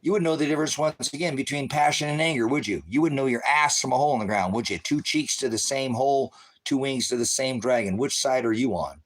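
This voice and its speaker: Speaking quickly with few pauses in a mid-range voice, a middle-aged man delivers a heated livestream rant. He trades insults with his viewers, addressing them as brothers and sisters, in a sarcastic, preachy, confrontational tone.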